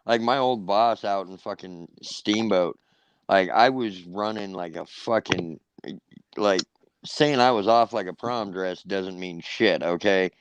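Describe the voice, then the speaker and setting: A man's voice: sits low, a little slow, a little hiss or hum, rough recording. A man in casual chat who laughs often and cracks crude jokes.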